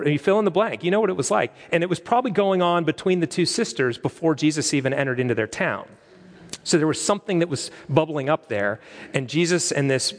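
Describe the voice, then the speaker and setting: A pastor preaches with animated energy, restarting phrases as he builds his points. His man's voice sits fairly high, and it rings through a church sanctuary with a long reverb tail. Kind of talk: sermon.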